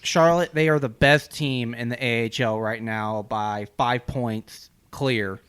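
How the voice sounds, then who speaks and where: A man's voice: medium pitch, a little slow, clear, resonant tone. A man co-hosting a casual sports podcast, talking with enthusiasm. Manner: enthusiastic, lively intonation. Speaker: podcast co-host.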